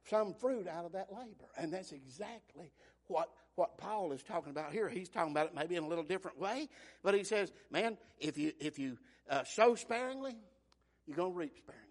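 A man preaching a fervent sermon, surging loud and then dropping soft. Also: high voice.

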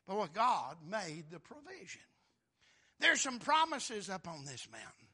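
A man preaching a sermon, breaking into shouts, calling out amen and brother and quoting scripture in old wording. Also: sits high, sing-song, unhurried, slightly rough. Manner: fervent preaching, bursts into shouts on key lines.

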